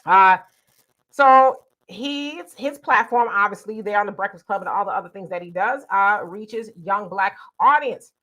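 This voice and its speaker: A woman hosting a live stream, talking through the news in a casual, conversational way with lots of fillers and quick asides. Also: mid-range voice, sharp tone, muffled recording. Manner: conversational, many fillers, quotes others in asides. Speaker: host. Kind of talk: casual political commentary.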